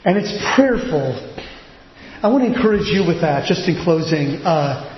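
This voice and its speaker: A man preaching a sermon, animated and pressing his points with rhetorical questions. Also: on the high side, moderate pace. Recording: echoey hall, dull lo-fi sound with faint noise.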